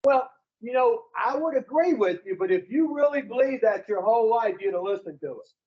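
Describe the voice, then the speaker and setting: A man's voice: extremely high pitch, expressive, fairly quick, dull audio. A man speaking to an addiction recovery group in a folksy, preaching way, putting rhetorical questions to his listeners.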